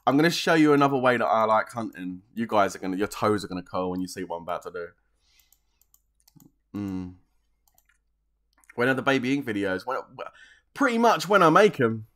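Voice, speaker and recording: A man's voice: lowish voice, lively intonation, brisk, long pauses, fairly bright tone. Chatty English man streaming a game. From southeast England. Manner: rambling, reads out chat, laughs often. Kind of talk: casual live-stream chat.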